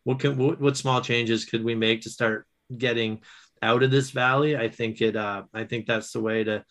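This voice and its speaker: A man, a guest author and educator, telling stories in casual conversation, animated, with quick restarts. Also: medium pitch. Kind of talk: casual storytelling.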